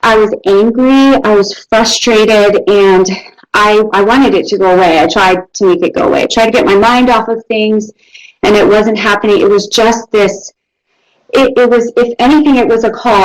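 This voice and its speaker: A young woman telling her personal faith story in an earnest, halting way, often restarting her sentences and near tears at times. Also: mid-range voice, steady tone, poor audio. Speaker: school technical staff. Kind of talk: personal testimony talk.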